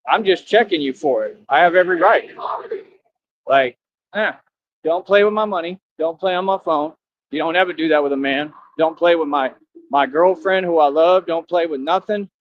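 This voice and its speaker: Man streamer, rambling and defiant, lo-fi dull sound. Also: on the high side. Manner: defiant, preachy, repetitive. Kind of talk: rambling monologue to viewers.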